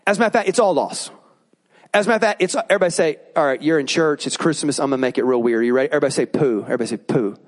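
A male pastor giving a sermon in an animated, joking way, prompting the congregation to repeat words back. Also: fairly high pitch, very fast.

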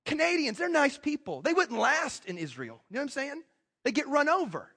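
A man preaching a sermon as a pastor, emphatic and animated, with quick asides to the congregation. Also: very high voice.

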